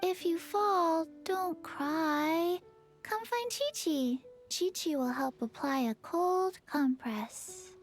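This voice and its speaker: A woman voicing a tiny earnest zombie girl who talks slowly and flatly about herself by name, in a video game. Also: extremely high pitch, full character voice. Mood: solemn. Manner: slow, flat, speaks of herself by name. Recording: game audio with music behind.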